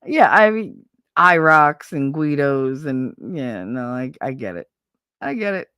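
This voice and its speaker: A middle-aged woman with a New York accent telling animated, profane stories in a casual chat as a show host. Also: deep voice, unhurried, clear, resonant tone, dry recording, studio quality. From Brooklyn, New York. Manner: animated, profane, acts out neighborhood voices.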